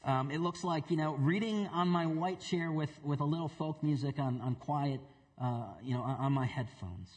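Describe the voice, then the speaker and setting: A man's voice: a little high, moderate pace, a little mellow, in a large hall. A middle-aged man preaching as a pastor, earnest, repeating words for emphasis and putting questions to the congregation. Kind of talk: sermon with opening prayer. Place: church sanctuary.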